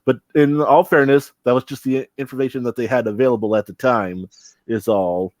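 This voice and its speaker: A young man talks loosely on a podcast, circling back with fillers and false starts. His voice sits at an ordinary pitch. The sound is dry and close, with no room around it. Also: fairly even intonation, a little fast, darkish tone, no room sound. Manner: rambling, many restarts and fillers. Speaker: podcast co-host. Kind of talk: casual chat.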